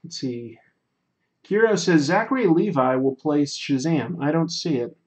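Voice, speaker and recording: Relaxed man chatting while he draws. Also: fairly high pitch, a little slow. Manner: relaxed, rambling, quiets down during detail work. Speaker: livestream host. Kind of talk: casual chat while drawing.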